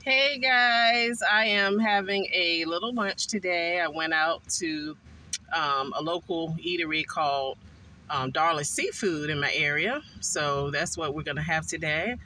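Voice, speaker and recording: A man eating a meal in a car and chatting casually to his viewers, unhurried and full of ums. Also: fairly high pitch, bright, forceful tone, slight background noise, low-quality recording. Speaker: food vlogger. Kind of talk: casual mukbang chat.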